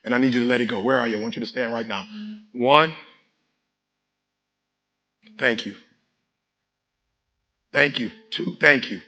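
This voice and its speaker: A man from Detroit giving a live motivational speech to a room, leading call-and-response chants and rising to shouted exhortations. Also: mid-range voice, unhurried, long pauses, dull audio, some chatter behind. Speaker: motivational speaker.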